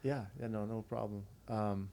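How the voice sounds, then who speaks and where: A man's voice: fairly low pitch, fairly even intonation, moderate pace, creaky, warm tone. A man who is a veteran and podcast guest, earnestly telling a story in a casual, conversational way. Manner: earnest, conversational, retells dialogue.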